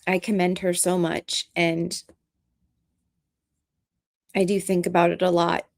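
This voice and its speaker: A woman vlogger talking in an earnest, halting, emotional way in casual commentary. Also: fairly low pitch, little pitch movement, vocal fry.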